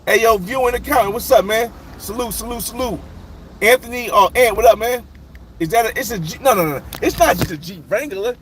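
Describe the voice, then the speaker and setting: Man, high voice, casual live stream host, talking while driving, phone mic in the car, steady road noise. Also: a little fast. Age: adult. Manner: talks to chat, reading names and shouting out viewers. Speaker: livestream host. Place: inside a moving car. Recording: road and engine noise behind.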